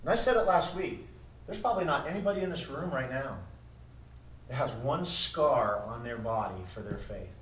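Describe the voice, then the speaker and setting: A man preaching a sermon as pastor, moving between quiet musing and loud, emphatic declarations. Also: medium pitch, expressive, normal speed. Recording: echoey room heard from a distance.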